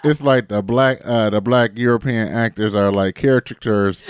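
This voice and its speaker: A man co-hosting a podcast, chatting casually in a blunt, deadpan, complaining way. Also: lowish voice, normal speed. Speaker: podcast co-host. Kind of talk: casual chat.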